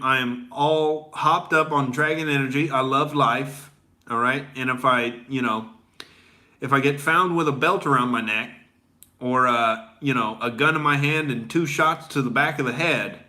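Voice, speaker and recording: Male comedian host, crude rambling rant, bright forceful voice. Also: medium pitch. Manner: rambling, profane, heavy on filler words.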